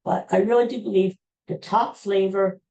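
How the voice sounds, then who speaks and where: A woman's voice: medium pitch, fairly even intonation, normal speed, darkish tone, muffled recording. An older woman hosting a podcast, chatting in a rambling way and repeating herself. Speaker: podcast host. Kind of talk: casual chat.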